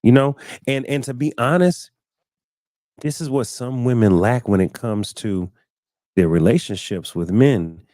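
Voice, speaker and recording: Here a man with a mid-range, dark-toned voice speaks unhurriedly, hosting a casual live-stream talk show. He narrates stories and acts out what others said, often repeating words as he finds his thought. The sound is clean studio audio, free of room sound.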